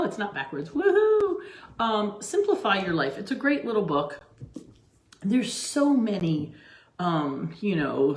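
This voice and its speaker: Chatty middle-aged woman in an echoey kitchen. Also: on the low side. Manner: chatty and rambling, many asides and restarts. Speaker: cooking channel host. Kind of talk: casual chat to camera. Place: home kitchen, indoors. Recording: roomy, echoey kitchen sound.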